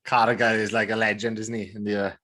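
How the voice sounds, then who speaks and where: A man's voice: on the low side, little pitch movement, fast talker, sharp tone. A man hosting a sport podcast, asking questions in a casual interview with short, encouraging replies. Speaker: podcast host.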